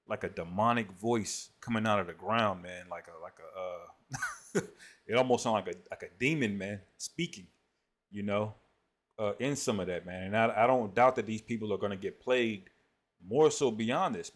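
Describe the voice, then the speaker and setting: A man giving casual spoken commentary on scripture and prophecy, often tagging his sentences with "man" and reading verses aloud slowly. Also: fairly low pitch. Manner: conversational, peppers speech with "man".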